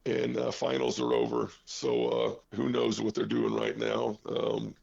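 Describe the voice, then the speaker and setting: A man coaching college basketball talks while out of breath, his voice deeply gravelly and full of fry. He rambles through fillers and restarts and cracks self-deprecating jokes. The sound is dull and lo-fi. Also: level tone, a little slow, darkish tone. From Iowa, US. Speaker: head basketball coach, guest. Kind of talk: casual phone interview.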